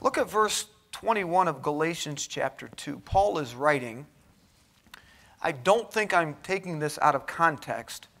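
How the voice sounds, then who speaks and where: A man's voice: on the high side, expressive, a little slow, creaky, a bit bright. A man preaching a sermon in a college chapel, earnest and exhorting, pressing his points with rhetorical questions.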